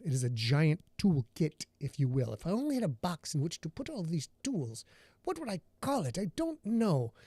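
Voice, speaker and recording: A chatty podcast host and author greets his livestream viewers by name, rambling casually from his home studio. His voice is a little high and warm, and the sound is clean with no room echo.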